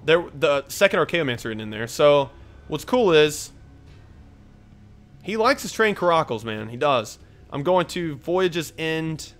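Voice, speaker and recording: Young guy rambling over his card game, kinda high voice, swears a lot, all over the place. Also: measured pace. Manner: rambling, animated, swears freely. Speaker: gaming video creator. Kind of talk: casual gameplay commentary.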